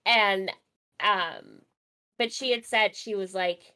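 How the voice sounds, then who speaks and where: A woman's voice: mid-range voice, slow pace, sharp tone, clean tone. A woman from Minnesota co-hosting a podcast, chatting about sports in a fired-up, chatty way and swearing freely. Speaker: podcast co-host. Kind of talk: casual sports chat.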